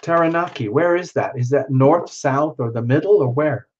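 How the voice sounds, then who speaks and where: A man hosting a live tarot reading stream, chatting casually and greeting viewers by name, with excited whoops now and then. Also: fairly high pitch, normal speed, slight background noise. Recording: dull lo-fi stream audio.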